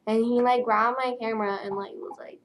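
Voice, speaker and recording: A young woman vlogger tells a story in a tired, flat way and fills it with lots of "like" and "um". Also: fairly high pitch, brisk. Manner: tired, flat delivery with many fillers. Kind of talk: casual storytelling vlog.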